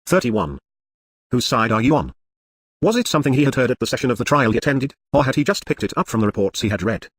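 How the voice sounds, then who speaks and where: A man reading a literary novel aloud as an audiobook narrator, in a brisk, even manner. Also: medium pitch, slightly rough, no echo. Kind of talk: scripted narration.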